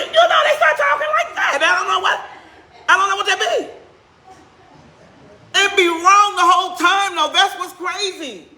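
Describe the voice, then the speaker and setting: A woman pastor preaching in a church sanctuary, her voice bright and sharp. Her delivery is conversational and animated, and she speeds up and slows down for emphasis. The room gives a roomy, echoing sound. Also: sits high. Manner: conversational preaching, questions to the congregation. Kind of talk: sermon.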